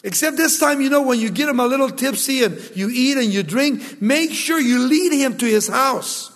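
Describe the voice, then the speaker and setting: A man's voice: very high-pitched, moderate pace, a bit bright, in a large hall. A man preaching a sermon, retelling a story dramatically and emphatically.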